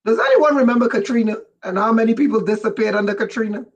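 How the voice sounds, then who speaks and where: A livestream host reading viewer chat, who gets excited and raises their voice, often breaking off with "whoa" and asking listeners whether they follow. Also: medium pitch, fast talker, highs cut off. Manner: breaks off with repeated "whoa" and "wait". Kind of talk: casual livestream talk to viewers.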